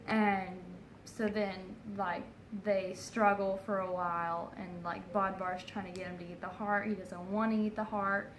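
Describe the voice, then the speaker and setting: A tipsy woman rambles through a comic retelling, filling every gap with "like" and "so then". She talks at a slow pace with a middle pitch. The room is echoey, and clear music plays behind her. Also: steady tone. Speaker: narrator.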